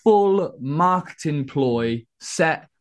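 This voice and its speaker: A man's voice: fairly high pitch, expressive, drawn-out words. A man chatting as a guest on a podcast, blunt and jokey with strong opinions. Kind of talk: casual podcast chat.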